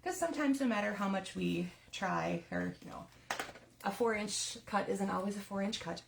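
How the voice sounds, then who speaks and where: A woman with a gravelly edge to her voice talks viewers through a card-making project one step at a time. She chats casually as she works, laughing now and then at her own slips. A faint hiss sits under the recording. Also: mid-range voice, big pitch swings, moderate pace. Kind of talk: live crafting tutorial.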